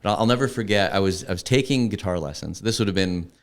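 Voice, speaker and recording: Guy in his 50s, kinda low voice, rambly storyteller, lots of restarts. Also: quick pace. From Canada. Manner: lively anecdotes with frequent restarts and "you know". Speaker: podcast guest, country singer. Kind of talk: casual storytelling interview.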